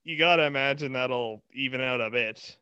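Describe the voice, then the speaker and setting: A man's voice: medium pitch, normal speed, bright, forceful tone. A man, blunt and jokey in casual sports chat. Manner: laid-back, blunt, jokey. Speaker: podcast co-host. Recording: slightly dull lo-fi sound.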